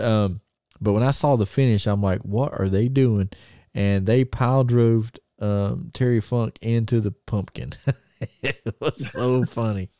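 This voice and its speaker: A man's voice: lowish voice, dark tone, no echo, studio quality. A man with a Southern country accent, co-hosting a podcast and telling rambling stories with frequent laughs. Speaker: podcast co-host. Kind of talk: casual chat, storytelling.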